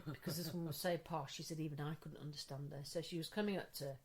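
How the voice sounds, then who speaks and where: A middle-aged woman co-hosting a podcast, chatting expressively and reacting loudly to her friend's stories. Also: low-pitched, fast. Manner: expressive, reacts loudly, mimics posh voices. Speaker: podcast co-host. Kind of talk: casual chat.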